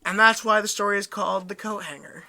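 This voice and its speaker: A man's voice: high-pitched, fairly even intonation, quick pace, sharp tone, a little hiss or hum. A young man co-hosting a podcast, telling a long story animatedly and laughing along the way. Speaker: podcast co-host. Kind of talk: casual storytelling.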